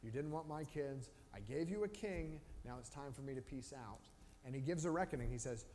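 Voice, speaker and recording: A man leading a casual Bible study, retelling the stories with quick voiced asides for the characters. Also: medium pitch, animated, warm tone. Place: church room. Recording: live stream with long reverb and faint noise.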